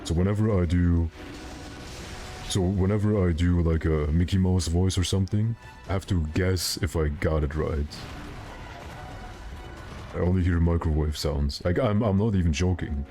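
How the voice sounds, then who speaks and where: A man's voice: low-pitched, moderate pace, mellow, soft background music. A male streamer chatting casually and rambling, with self-mocking jokes while he plays. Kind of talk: casual gaming stream chat.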